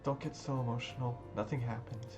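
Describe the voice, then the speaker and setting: A man's voice: mid-range voice, steady tone, a little fast, close to an everyday voice. A man voicing a cold, bitter teenage girl who talks in curt, cutting lines. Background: background game music.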